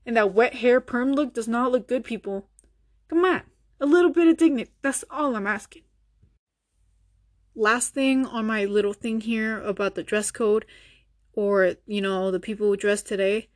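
A young woman rants on her own show in a slightly high voice. She is blunt and foul-mouthed, mocking her listeners in loose, casual talk. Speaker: podcast host. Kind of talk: ranting casual monologue.

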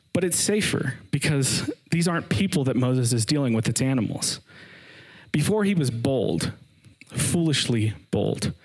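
A man's voice: a little high, breathy edge, poor audio. A man giving a casual, earnest sermon, retelling scripture with slang asides. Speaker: preacher.

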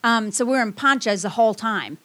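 A woman's voice: a little high, lively intonation, fairly quick, a bit bright. A middle-aged woman telling stories in a casual chat, emotional and swearing freely.

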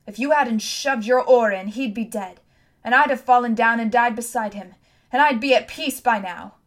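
A woman's voice: a little high, moderate pace, natural voice. A woman reading an audiobook, voicing a fierce, bitter scarred teenage girl who talks curtly and with scorn. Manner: curt, blunt, scornful.

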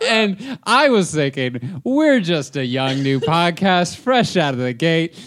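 A man's voice: a little high, sing-song, slow, a bit bright, slight background noise. A man co-hosting a podcast in casual chat, rambling with many fillers and frequent laughs. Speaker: podcast co-host.

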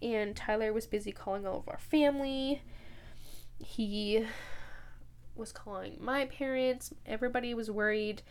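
A woman's voice: fairly high pitch, unhurried, smooth. A young woman telling a personal story in an emotional way, full of quoted dialogue and fillers. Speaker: podcast host.

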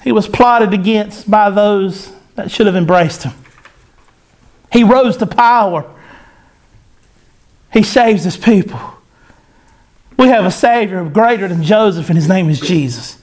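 A man preaching a sermon to his church, fervent and repetitive, with folksy phrasing and sudden loud bursts. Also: sits high, measured pace, pauses often. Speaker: pastor.

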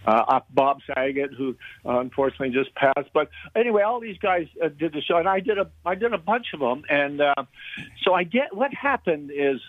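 A man's voice: fairly high pitch, brisk, no room sound. Older man from Canada telling rambling stories. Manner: rambling anecdotal storytelling with frequent fillers and chuckles. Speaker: guest comedian. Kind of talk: casual storytelling interview. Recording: dull lo-fi, dry sound.

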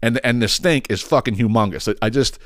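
A man's voice: medium pitch, brisk, fairly bright tone, no echo, studio quality. A man ranting casually about a customer who caused a scene, swearing freely and acting out the people in the story. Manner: profane, exasperated, acts out others in raised voices. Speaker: podcast host.

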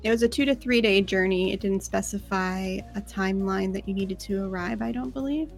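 A woman running a tabletop game as dungeon master, narrating in a relaxed, chatty way with fillers. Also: mid-range voice, brisk, creaky, soft background music.

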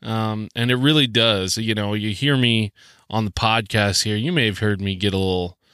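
Lowish and steady, this Southern US man's voice is bright, forceful, and smooth, moving at a moderate pace in a studio-quality recording without room sound. He hosts a solo podcast, rambling and joking with lots of ums and restarts.

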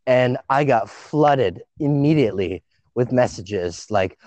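Excitable guy on a dull lo-fi mic. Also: mid-range voice, moderate pace, no echo. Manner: excitable, swears freely, trails off mid-sentence. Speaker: podcast host. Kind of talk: casual podcast chat. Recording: dull dry lo-fi sound.

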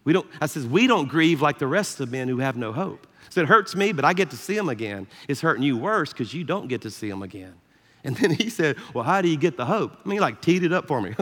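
A man with a Southern American accent preaching a sermon as pastor, telling a story in an animated, self-deprecating way and laughing often. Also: sits high. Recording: echoey hall reverb.

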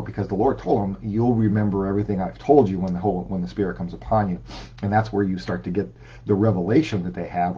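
A middle-aged man preaching an informal sermon, talking in a conversational, halting way with many fillers and restarts, and reading scripture aloud. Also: deep voice, mellow, slightly rough, dull audio.

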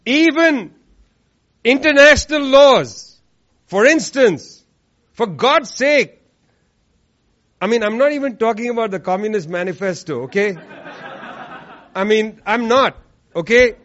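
A man's voice: very high voice, animated, a little slow, long pauses, fairly bright tone. A man giving a political speech to a live audience in a room, sarcastic and emphatic, repeating lines for effect. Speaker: speaker at an activist event. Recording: dull lo-fi recording.

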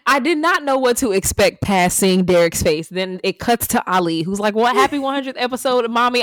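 A young adult woman co-hosting a podcast, telling stories in a chatty, animated way with lots of "like". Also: fairly high pitch, moderate pace, few pauses, no echo. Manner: chatty, animated storytelling with many "like"s. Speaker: podcast co-host. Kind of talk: casual chat.

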